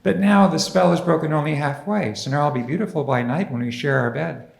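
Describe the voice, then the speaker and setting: Lady Ragnell, voiced by a man, gently earnest. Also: on the high side, a little fast, vocal fry. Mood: tender. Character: enchanted noble lady, gentle and sincere. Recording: echoey church hall.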